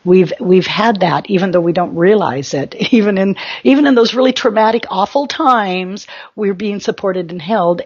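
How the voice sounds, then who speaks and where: A woman's voice: mid-range voice, moderate pace, hardly any pauses, darkish tone, slightly rough, muffled recording. A woman spiritual teacher giving an emphatic motivational talk in short, exhorting commands.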